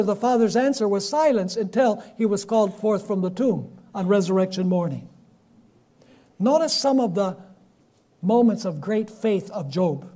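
A man preaching a sermon and reading scripture aloud, with dramatic swings between loud and soft. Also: very high-pitched.

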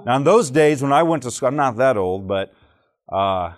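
A man from Alabama in the southern U.S. leads a church teaching session for a live audience, spinning humorous stories and quizzing people as he goes. He speaks at a moderate pace in an animated, mid-range voice.

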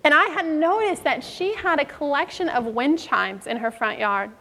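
A woman with a high voice preaches a sermon and tells a story, acting out the people in it. Her voice rings with a long reverb in a big hall. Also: normal speed, sharp tone, a little hiss or hum. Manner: storytelling, acts out quoted voices.

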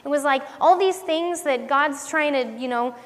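Speaking at a moderate pace in a high voice, a woman teaches an earnest devotional sermon, chatting with listeners and posing questions to them. She is a ministry teacher, and the recording has a long hall reverb.

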